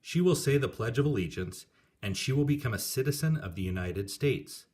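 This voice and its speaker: A man calmly reading a children's picture book aloud. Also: mid-range voice, a little fast.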